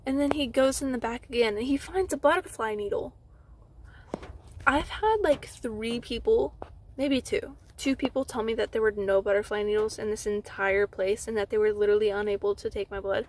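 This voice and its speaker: Animated young woman telling a story. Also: fairly high pitch, moderate pace, a little hiss or hum. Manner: animated retelling with frequent "like" fillers, acting out others' lines. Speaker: vlogger. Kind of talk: storytime vlog. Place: inside a parked car.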